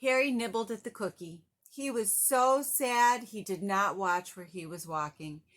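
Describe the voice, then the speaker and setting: A woman reading a children's picture book aloud in an animated, sing-song way. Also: mid-range voice, unhurried. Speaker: storybook reader.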